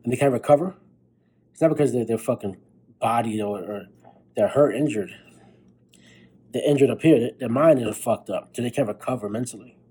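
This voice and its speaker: A man's voice: mid-range voice, brisk, pauses often, dark tone, husky, poor audio. Profane fired-up podcast man. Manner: blunt, profane, fired-up pep talk. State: tired, recording late at night. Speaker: podcast host. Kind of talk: motivational monologue.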